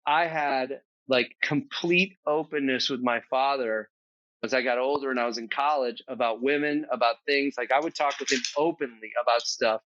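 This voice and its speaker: A man's voice: mid-range voice, fairly even intonation, moderate pace, a bit bright, no room sound, highs cut off. A man speaking as a podcast guest in a casual, earnest, reflective conversation, thinking aloud with fillers.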